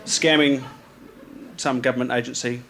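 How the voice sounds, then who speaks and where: A man's voice: mid-range voice, fairly even intonation, moderate pace, creaky, fairly bright tone, slight background noise. A man from New Zealand with a New Zealand accent, a photographer giving a live talk about his slides. He rambles casually, with lots of ums, restarts and slang. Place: live event venue with an audience.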